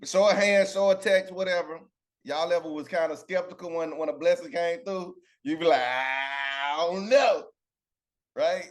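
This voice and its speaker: A man's voice: high-pitched, steady tone, fairly quick. Chatty man teaching a Bible lesson. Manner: chatty, keeps asking the group "right?". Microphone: video call.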